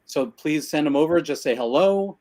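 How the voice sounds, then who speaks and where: A man's voice: fairly high pitch, expressive, moderate pace, darkish tone. A man co-hosting a live stream from his cluttered home office, out of breath and chatting in a rambling, self-deprecating way. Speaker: co-host of a live creative business show. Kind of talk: casual live-stream chat. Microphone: video call.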